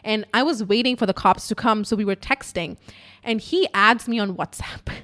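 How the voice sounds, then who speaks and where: A woman's voice: medium pitch, normal speed, a bit bright. Young woman, podcast host, casual monologue, frequent swearing, lots of "like". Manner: chatty, swears often, fills with "like".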